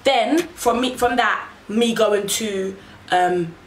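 A woman's voice: mid-range voice, slow. Woman telling a story, echoey room. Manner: animated, acts out quotes in raised voices. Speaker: vlogger. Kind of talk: casual storytelling to camera. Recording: echoey room, faint noise.

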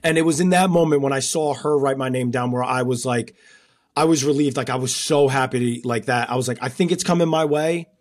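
A man's voice: medium pitch, fairly even intonation, a little fast. A man co-hosting a podcast, recounting an emotional experience in casual chat, with frequent fillers. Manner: emotional storytelling, many fillers like "like". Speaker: podcast co-host and former contestant.

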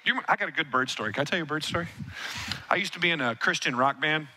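Bright, lively preaching man. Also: on the high side, fast talker. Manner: animated, storytelling, calls on the congregation. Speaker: pastor. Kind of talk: sermon.

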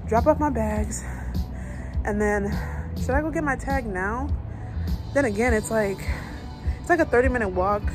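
Chatty young woman vlogging over music. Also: on the high side. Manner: chatty, laughs often, slangy. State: out of breath. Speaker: streamer vlogging a trip. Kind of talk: casual travel vlog.

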